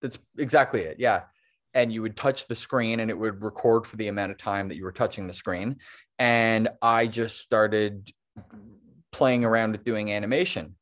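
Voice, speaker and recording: A man's voice: on the low side, steady tone, moderate pace, fairly bright tone. A man talking as a guest on a podcast interview, rambling and restarting his sentences, laughing easily. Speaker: guest, stop-motion animator.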